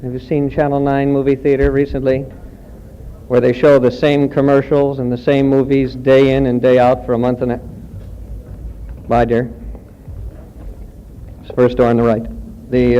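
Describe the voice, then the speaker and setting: A man's voice: medium pitch, mellow, slight background noise. A man emceeing a college singing contest on stage, cracking offhand jokes between announcements, heard on a dull old archive recording. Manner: wisecracking, offhand asides. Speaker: master of ceremonies. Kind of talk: joking stage emcee patter.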